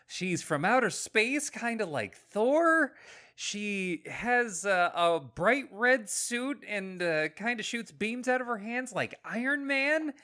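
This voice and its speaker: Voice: medium pitch, big pitch swings, slow pace, pushed and bright. A podcast co-host reviewing a film, sarcastic and exasperated, laughing often. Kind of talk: casual film review chat.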